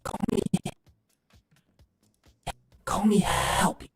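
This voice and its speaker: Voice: very slow, echoey room, recorded from a distance, faint music behind. An actor voicing a cheerful small robot mascot helper who repeats catchphrases. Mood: chirpy. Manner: chirpy, repetitive catchphrases.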